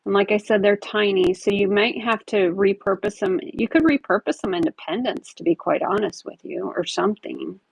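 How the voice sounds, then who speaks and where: A woman's voice: medium pitch, normal speed, creaky, hardly any pauses, breathy edge, dry recording, poor audio. A woman chatting casually as she sells jewelry at a live online auction, describing each piece as she handles it. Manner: chatty, describes items while handling them. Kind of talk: casual live-stream selling chat.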